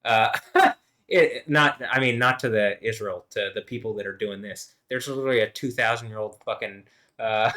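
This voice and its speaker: A man talking through a loose, rambling vlog, swearing as he goes. His voice is of middle pitch, and he drops into low mumbles before rising into louder, excited bursts. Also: moderate pace. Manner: rambling, profane, swings between mumbling and loud laughing. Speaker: vlogger. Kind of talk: rambling monologue.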